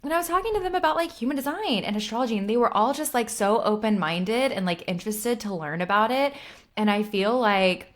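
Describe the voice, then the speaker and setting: Relaxed young woman podcast co-host. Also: on the high side, brisk. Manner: relaxed, filler-heavy, laughs at own stories. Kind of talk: casual chat.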